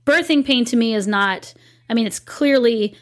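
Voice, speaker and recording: Her voice is on the high side and moves at normal speed. She's a company owner in her 30s, a guest on a casual interview, chattily and animatedly sharing a story from her own life.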